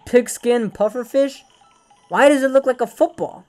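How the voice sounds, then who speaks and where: A man hosting a VR fishing game video, excitable and joking, swearing often as he plays. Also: very high-pitched, normal speed, faint music behind. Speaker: gaming channel host. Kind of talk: VR game commentary. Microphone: VR headset gameplay capture.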